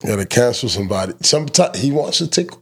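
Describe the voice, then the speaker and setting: Loud joking man hosting a podcast. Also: medium pitch, big pitch swings, fast, gravelly, breathy edge. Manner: loud, joking, swears freely, teases his guest. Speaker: podcast host; truck driver. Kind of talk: casual profane podcast chat.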